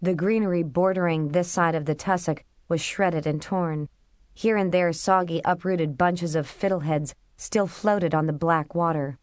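A woman narrating a novel as an audiobook, in steady, measured storytelling. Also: on the low side, no echo, clean studio sound. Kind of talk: scripted narration.

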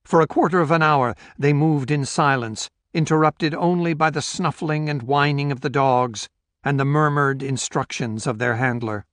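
A man reading a novel aloud in a steady, measured storytelling voice. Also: a little high, dry recording, studio quality. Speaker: audiobook narrator. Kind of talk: scripted narration.

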